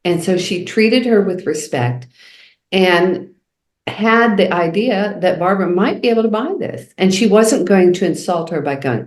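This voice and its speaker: A woman's voice: medium pitch, expressive, slow, darkish tone, roomy sound. A woman co-hosting a casual chat, telling stories and acting out the voices of the people in them. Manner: storytelling, acts out quoted voices. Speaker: co-host.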